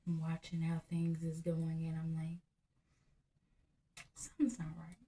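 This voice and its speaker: A woman, telling a personal story in a blunt, profane, animated way. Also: low-pitched, unhurried. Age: 30s. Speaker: vlogger. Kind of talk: candid storytelling to camera.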